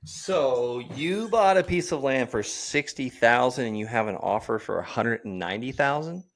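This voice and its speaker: Energetic joking podcast host. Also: male voice, mid-range voice, normal speed. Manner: energetic, joking, salesy calls to action. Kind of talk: casual interview and sign-off pitch. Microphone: portable setup.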